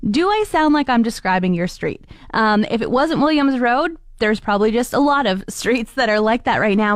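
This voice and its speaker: A woman's voice: a little high, no room sound. A young woman, hosting a morning radio show and chatting through stories on a studio mic. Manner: chatty and animated, acts out quoted voices. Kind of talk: solo radio chat with anecdotes.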